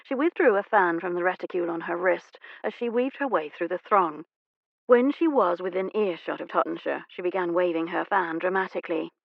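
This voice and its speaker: A woman narrating a romance audiobook in a measured, even storytelling manner. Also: lowish voice, creaky, no echo, lo-fi sound. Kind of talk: scripted narration.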